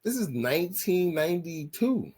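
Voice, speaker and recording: A man's voice: sits high, big pitch swings, moderate pace, a little mellow, slightly rough. A man in his forties hosting a podcast, telling rambling, profanity-laced stories in a casual chat and often repeating himself. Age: 40s. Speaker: podcast host. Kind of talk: casual storytelling.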